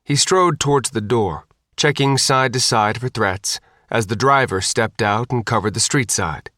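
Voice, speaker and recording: A man narrating an audiobook in an expressive way, shifting his voice for each character. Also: medium pitch, unhurried, no echo, clean studio sound.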